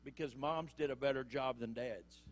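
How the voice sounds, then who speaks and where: Middle-aged male preacher, conversational sermon delivery, average pitch, acts out quotes. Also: normal speed. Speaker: prison minister preaching.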